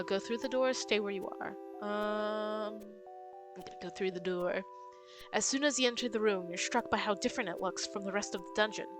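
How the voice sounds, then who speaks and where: Woman streamer musing aloud, music behind. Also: medium pitch. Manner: muses aloud, hesitant, with many ums. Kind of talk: casual game playthrough, reading aloud and thinking out loud. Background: game music.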